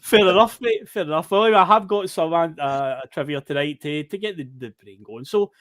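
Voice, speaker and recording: A man's voice: a little high, fairly quick, a bit bright, no room sound, studio quality. A Scottish man hosting a football podcast, chatty and upbeat, often laughing. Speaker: podcast host. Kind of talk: casual football podcast chat.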